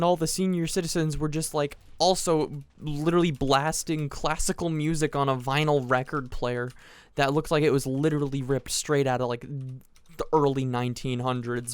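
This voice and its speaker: A teenage boy talks over his gameplay, spinning a rambling story with lots of restarts and side remarks. His voice sits in a middle pitch, and the recording is dry with no room echo. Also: smooth. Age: teens. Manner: rambling and animated, with frequent restarts and asides. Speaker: gaming channel host.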